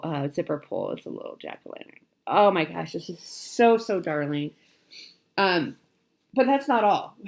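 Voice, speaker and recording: A woman vlogger chatting casually about cross-stitch supplies she received, gushing with frequent ums and little laughs. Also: fairly low pitch. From Pacific Northwest, United States. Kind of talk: casual chat showing stitching haul.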